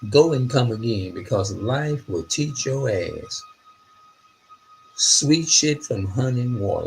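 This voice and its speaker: A man's voice: mid-range voice, creaky, a little hiss or hum, poor audio. A middle-aged man tells a rambling, profane story in a casual monologue. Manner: animated, profane, loosely phrased storytelling.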